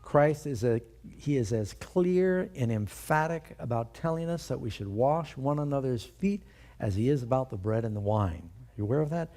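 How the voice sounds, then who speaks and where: A man's voice: mid-range voice, animated, normal speed, mellow. A male pastor preaching a sermon, emphatic and putting rhetorical questions to his congregation.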